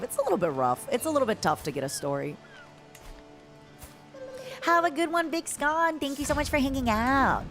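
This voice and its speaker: Woman game streamer, playful and joking, very expressive pitch. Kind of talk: casual gameplay chat.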